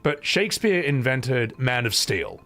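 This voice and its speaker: A man's voice: medium pitch, animated, measured pace, pushed and bright, soft background music. A man chatting casually on a live stream, opinionated and sweary, with frequent asides.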